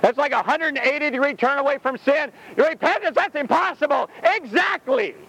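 A man preaching a sermon outdoors in a rhetorical, animated way, laughing between his points. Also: very high-pitched, fairly quick, poor audio.

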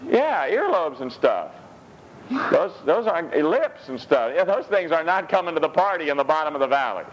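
A man preaching a sermon in a lively, humorous way, laughing often and slipping into high mock voices when he quotes scripture. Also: lo-fi sound, slight background noise. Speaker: pastor.

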